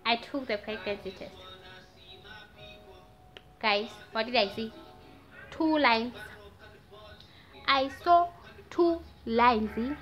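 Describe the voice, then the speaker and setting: Namibian girl, nineteen, chatty storytime vlog, bit high voice, muffled audio w faint music. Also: takes it slowly, pauses often. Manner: animated, mixes in Afrikaans slang. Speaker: vlogger. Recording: dull lo-fi sound with faint music.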